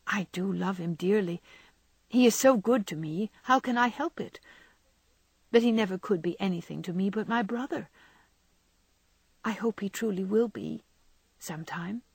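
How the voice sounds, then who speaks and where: A woman voicing a gentle, frail young woman who is dying and resigned, speaking softly and in a whispery way. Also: mid-range voice, normal speed, vocal fry, long pauses, slightly rough, dry recording. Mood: wistful. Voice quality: soft and whispery.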